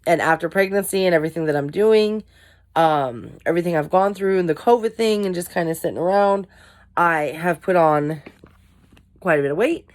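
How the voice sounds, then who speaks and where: A young woman with a low voice talks candidly to her camera. She rambles, corrects herself and pokes fun at her own failings in a loose, chatty vlog style. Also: moderate pace. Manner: candid, rambling, self-deprecating. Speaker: vlogger. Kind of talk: casual talk to camera.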